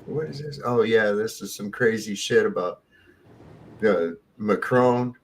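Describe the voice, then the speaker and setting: A man's voice: on the low side, unhurried, a little hiss or hum. A man hosting a live stream in casual, profane, joking chat.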